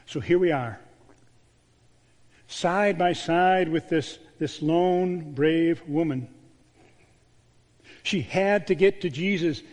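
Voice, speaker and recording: A man, a pastor, delivering a sermon with a storytelling manner, dropping to a hushed voice on key words. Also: fairly high pitch, takes it slowly, long pauses. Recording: long church reverb.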